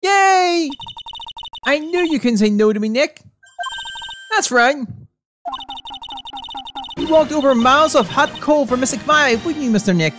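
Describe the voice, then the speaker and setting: A chirpy, clingy little girl, put on by a woman, her voice pitched high above a normal speaking voice and bouncing all over. She squeals with eagerness, with game music running underneath. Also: animated, unhurried, long pauses. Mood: excited.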